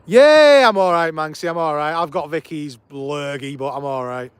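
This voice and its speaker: A man's voice: fairly high pitch, little pitch movement, normal speed, fairly bright tone, smooth. A man, hosting a live stream outdoors and chatting with viewers in a casual, enthusiastic way. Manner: chatty, greets viewers by name, enthusiastic commentary. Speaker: livestream host. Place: outdoors at an airport.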